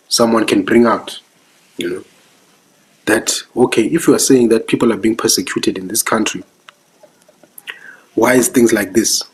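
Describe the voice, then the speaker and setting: A man's voice: on the low side, low-quality recording. A young South African man with a South African accent giving casual live-stream commentary, earnest and preachy, who keeps asking whether you understand. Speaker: vlogger.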